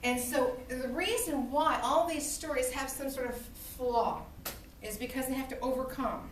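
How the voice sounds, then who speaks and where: A woman teaching a literature class, lecturing in a lively storytelling manner and acting out quotes. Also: high-pitched, moderate pace, a little hiss or hum. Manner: animated storytelling with acted-out quotes. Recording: echoey classroom from far off.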